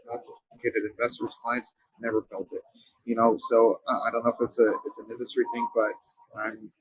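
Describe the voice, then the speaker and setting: Husky-voiced man telling a story. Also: mid-range voice, fairly bright tone, dry recording, low-quality recording. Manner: earnest, halting, frequent restarts. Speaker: company co-founder, interview guest. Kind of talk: casual interview storytelling.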